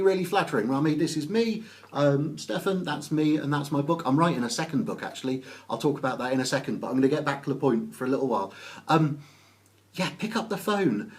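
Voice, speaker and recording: A man from Oxfordshire with an English accent, chatting casually on a live stream, greeting viewers by name and pausing often with ums. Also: mid-range voice. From England. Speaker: business networking author.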